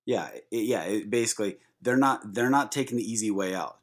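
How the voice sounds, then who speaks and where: A man co-hosting a casual podcast about pinball, talking in an animated, chatty way with frequent fillers. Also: on the low side, brisk. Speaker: podcast co-host. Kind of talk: casual chat.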